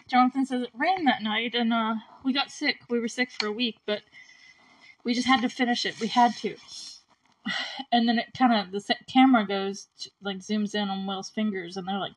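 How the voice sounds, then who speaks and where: A young woman with a fairly high voice talks through a TV episode in a loose, chatty way. She is openly emotional about what she describes and fills her sentences with "like.". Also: poor audio. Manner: chatty and emotional, heavy use of "like". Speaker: show host recapping a TV episode. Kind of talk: casual episode recap podcast.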